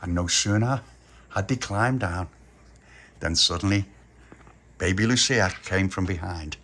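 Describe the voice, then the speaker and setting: A man's voice: lowish voice, animated, normal speed, fairly bright tone. A man telling a playful improvised story, slipping into character voices and ghostly wails. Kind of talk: improvised bedtime-style storytelling.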